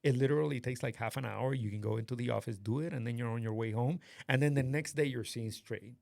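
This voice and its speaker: A man host casually telling a story to a friend, animated and swearing often, acting out what others said. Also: mid-range voice, quick pace, gravelly, no echo, clean studio sound. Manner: animated, swears a lot, acts out quoted voices. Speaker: podcast host.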